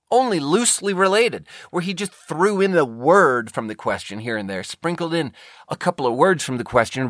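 A man's voice: mid-range voice, a bit bright, no echo, studio quality. A man hosting a podcast, telling a story in a rambling way, often correcting himself mid-sentence and swearing casually. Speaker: podcast host.

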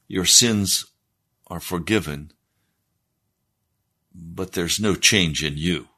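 A man preaching a sermon, explaining scripture in a deliberate, teaching manner. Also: lowish voice, pushed and bright.

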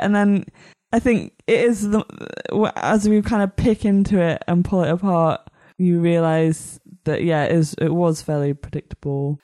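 A woman's voice: mid-range voice, normal speed, darkish tone. A woman with a Northern English accent co-hosting a podcast, rambling casually and giggling as she reviews an episode. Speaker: podcast co-host.

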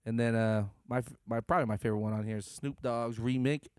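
A man's voice: medium pitch, fairly even intonation, quick pace, clear, resonant tone, no echo. Laid-back swearing man in dry casual chat. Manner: laid-back, swears freely, enthusiastic about beats. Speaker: podcast co-host.

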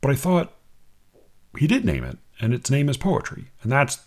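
A man hosting a podcast, talking casually and critically with exasperated swearing and halting restarts. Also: medium pitch, wildly swooping pitch. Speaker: podcast host.

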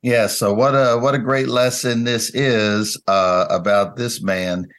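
A man's voice: mid-range voice, steady tone, measured pace, a bit bright. A man hosting a conversational Bible study lesson, speaking unhurriedly with frequent fillers and restarts.

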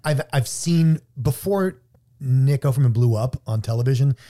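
A man's voice: medium pitch, moderate pace, mellow. A man co-hosting a podcast, chatting casually with wry, teasing humor. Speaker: podcast co-host. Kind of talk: casual chat.

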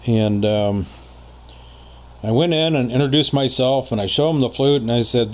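As a podcast guest, a man tells a personal story in casual conversation, rambling with many pauses and fillers. His voice is medium in pitch.

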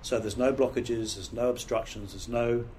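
A man's voice: mid-range voice, fairly even intonation, moderate pace, a little mellow, slight background noise. A middle-aged British man, a pastor, giving a training talk on preaching in an earnest, emphatic, conversational way with restarts. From Britain.

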